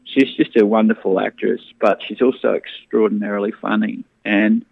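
A man's voice: on the low side, normal speed, vocal fry, husky, dry recording. Man storytelling over a phone line. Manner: animated storyteller, frequent restarts. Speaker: comedian guest. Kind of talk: casual radio interview.

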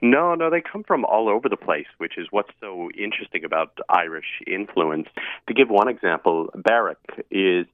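Deep-voiced man on a tinny phone line. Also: lively intonation, moderate pace, dry recording. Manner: explanatory, with frequent um and uh. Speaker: guest expert on language history. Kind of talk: radio interview.

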